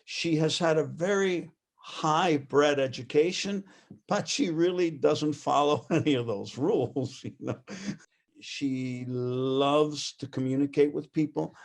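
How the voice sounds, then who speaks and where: A man interviewed as a guest, telling lively anecdotes about his mother and laughing often as he talks. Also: a little high, a little slow, creaky. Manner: animated anecdotal storyteller; laughs often while talking. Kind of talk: personal storytelling.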